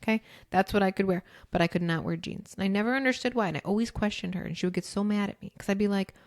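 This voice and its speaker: A woman's voice: medium pitch, quick pace, no echo, studio quality. A woman in her thirties hosting a casual chat, laughing often and talking freely. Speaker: podcast host.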